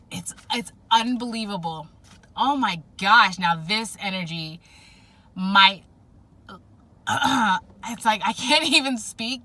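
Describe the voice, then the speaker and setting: A woman's voice: mid-range voice, pushed and bright. A woman giving a spiritual pick-a-pile tarot reading, rambling and emotional as she thinks aloud with many fillers. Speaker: tarot reader.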